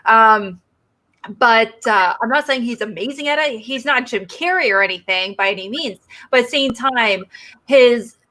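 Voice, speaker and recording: A woman co-hosting a podcast in relaxed conversation. Her voice sits a little high. She talks hesitantly, with restarts and fillers as she works out her thoughts. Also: normal speed. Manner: hesitant, restarts and fillers while thinking aloud. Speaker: podcast co-host. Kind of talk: casual chat.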